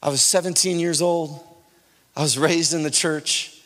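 High-voiced man preaching in a reverberant hall. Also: fairly even intonation, unhurried, a bit bright. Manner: impassioned, earnest preaching. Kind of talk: sermon with personal testimony. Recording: long reverb of a large hall.

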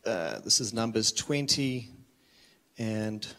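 A man's voice: fairly low pitch, expressive, slow pace, pushed and bright. A man preaching a sermon with urgency, earnest and a little self-deprecating, often restarting his words. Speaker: visiting preacher.

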